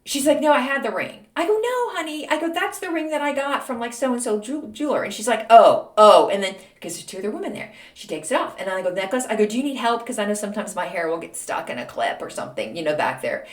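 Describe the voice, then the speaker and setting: Animated, chatty woman telling a story. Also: mid-range voice, fast, hardly any pauses, echoey room. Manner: animated, chatty, sassy asides. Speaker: podcast host. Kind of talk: casual storytelling monologue.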